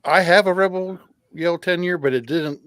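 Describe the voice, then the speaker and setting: Male co-host, relaxed chat, halting recall, dry close mic. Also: high-pitched, smooth, no echo. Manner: halting, restarts often while recalling details. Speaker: podcast co-host. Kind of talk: casual bourbon chat.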